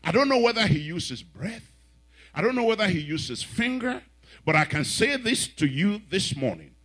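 A middle-aged man preaching as a bishop, swinging between shouted exhortation and quiet storytelling, calling questions out to his congregation. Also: high voice, big pitch swings, normal speed, soft background music. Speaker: bishop and pastor. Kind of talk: preaching a sermon.

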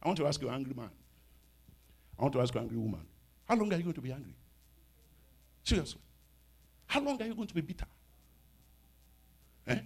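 A man in his fifties preaching a sermon as pastor, animated, with sudden shouts and soft asides. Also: medium pitch, fairly quick, gravelly, pauses often, slightly rough. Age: 50s.

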